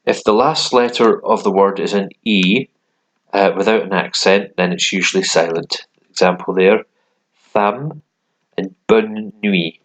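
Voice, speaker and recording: A man's voice: sits low, steady tone, normal speed, a bit bright. A man talking through a language lesson in a casual, hesitant way, with many ums and restarts. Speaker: language learner.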